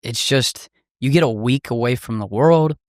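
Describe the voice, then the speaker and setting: A man co-hosting a casual podcast, relaxed and agreeable, often chiming in with short replies. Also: mid-range voice, moderate pace, dry recording, studio quality. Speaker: podcast co-host. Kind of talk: casual chat.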